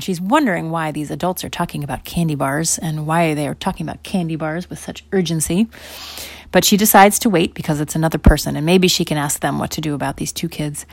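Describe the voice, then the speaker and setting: A woman gently narrating an improvised children's story to her child in a rambling way, repeating phrases. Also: low voice, vocal fry, no echo.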